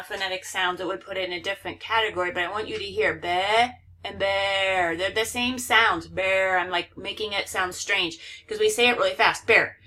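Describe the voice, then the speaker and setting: A woman's voice: medium pitch, bright, forceful tone. A woman teaching a recorded phonics lesson, carefully overpronouncing example words.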